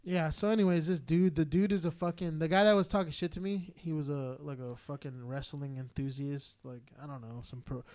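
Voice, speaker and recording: A man from Southern California rants on a casual podcast in a heated, rambling stream. His voice sits high, and he swears constantly. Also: fairly even intonation, a little fast, hardly any pauses, darkish tone. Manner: profane, heated, rambling rant. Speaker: podcast co-host.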